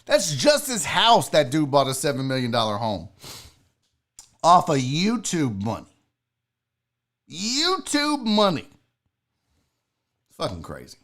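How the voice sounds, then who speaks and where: Animated, profane man ranting. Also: medium pitch. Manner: profane, animated, talks to chat viewers. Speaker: podcast host. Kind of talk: casual live-stream rant.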